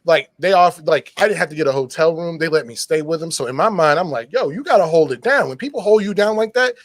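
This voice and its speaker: A man with a raised, higher-leaning voice chats casually on stream, swearing freely and getting worked up as he tells a story. His voice is dry and close, with no room around it. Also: fast talker, dry recording. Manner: profane, excitable storytelling. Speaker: streamer hosting a chat. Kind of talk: casual chat.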